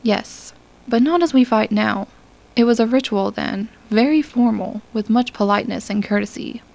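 A resigned young alien woman of a vanishing people, read by a woman narrator. She speaks in quiet, formal, measured sentences with a faintly gravelly texture, as in a science fiction audiobook. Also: on the high side. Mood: solemn. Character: weary young alien woman of a dying race. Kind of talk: audiobook character reading.

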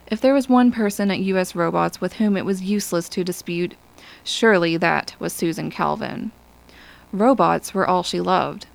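A woman reading an audiobook in a measured, even storytelling manner. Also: mid-range voice, gravelly, rough recording. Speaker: audiobook narrator. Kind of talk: scripted narration.

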